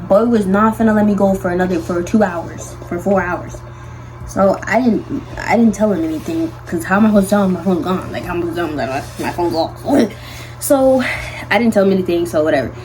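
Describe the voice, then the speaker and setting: A young woman vlogger telling a storytime in an animated, slangy way with lots of fillers. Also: fairly low pitch, a little fast, slight background noise, rough recording. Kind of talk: storytime vlog.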